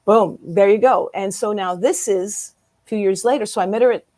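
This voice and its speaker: In a recording with no room sound, a woman in her fifties speaks at a moderate pace in a mid-range voice. She's a guest in an interview, casually telling a personal story and acting out the quoted dialogue like an animated storyteller.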